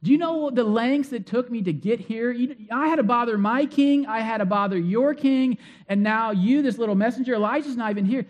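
A man's voice: high voice, sing-song, quick pace, few pauses, a little mellow, highs cut off. A man voicing a proud army commander who is outraged and fires off incredulous questions. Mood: indignant.

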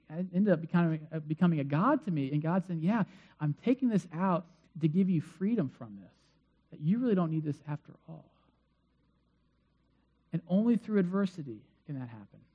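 A man's voice: high voice, darkish tone, highs cut off. A man preaching a conversational sermon as pastor. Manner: conversational, acts out quoted voices.

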